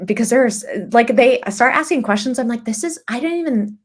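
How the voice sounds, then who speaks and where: A woman's voice: fairly high pitch, lively intonation, a little fast. A woman who works as a personal trainer, co-hosting a podcast and chatting casually with lots of "like" fillers. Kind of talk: casual chat.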